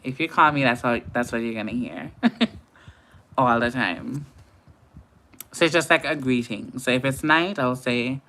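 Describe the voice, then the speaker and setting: A woman's voice: rumbling low, moderate pace, long pauses, a bit bright. A young woman from Antigua with a Caribbean accent, chatting casually with viewers on a late-night makeup livestream, laughing often. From Antigua and Barbuda.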